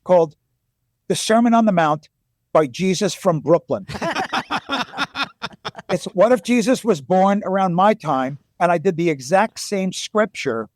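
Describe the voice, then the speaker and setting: A man talking as a guest author in a casual interview, animated, joking and blunt. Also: high voice, measured pace, long pauses, no echo, clean studio sound.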